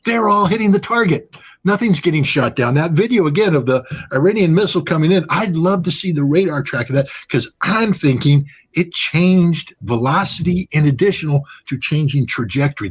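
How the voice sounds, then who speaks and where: A man's voice: on the high side, lively intonation, fairly quick, breathy edge. A man speaking as a guest analyst in an interview, blunt and sarcastic and often joking. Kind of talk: animated interview commentary.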